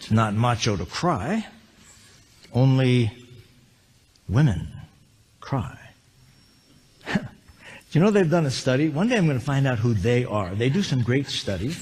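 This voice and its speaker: A man's voice: medium pitch, slightly rough. A man giving a live seminar talk, telling humorous stories and asking the audience questions. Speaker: motivational speaker. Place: large lecture hall with live audience. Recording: long hall reverb.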